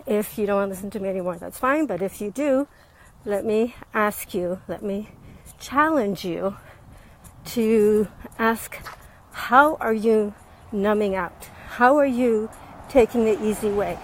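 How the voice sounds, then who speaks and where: A woman's voice: medium pitch, a little slow, rough recording. Breathless woman vlogging on a walk. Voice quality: slightly out of breath. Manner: chatty and frank, laughs often. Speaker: life coach. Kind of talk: casual vlog monologue while walking. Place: outdoors on a windy street. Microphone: earbuds. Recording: wind and faint traffic noise.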